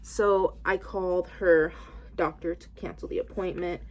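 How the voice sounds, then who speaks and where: Twenties woman, lowish voice, casual rambling vlogger, filler-heavy, styling her hair as she talks. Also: fairly even intonation, unhurried. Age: 20s. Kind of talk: casual storytelling to camera.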